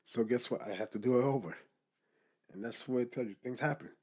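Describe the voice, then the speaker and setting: A young man, a podcaster, giving casual advice straight to the camera in a lively, animated way. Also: medium pitch, fast. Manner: animated, talks straight to the viewer, keeps asking "guess what?".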